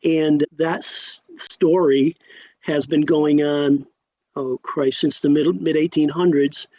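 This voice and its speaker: A man in his sixties from Connecticut, telling stories as a podcast guest in a lively way, acting out quotes and often restarting his sentences. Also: on the high side, slow pace, dull audio. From Connecticut, USA. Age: 60s. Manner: animated, acts out quotes, frequent restarts. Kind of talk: casual storytelling.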